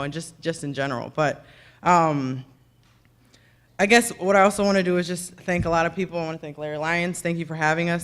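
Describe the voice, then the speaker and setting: A woman's voice: low voice, a bit bright. A woman in her thirties speaks at a podium microphone in a banquet room, giving an acceptance speech. She rambles in a chatty, self-deprecating way, thanking one person after another by name. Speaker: hall of fame inductee giving a speech. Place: ceremony breakfast in a banquet room.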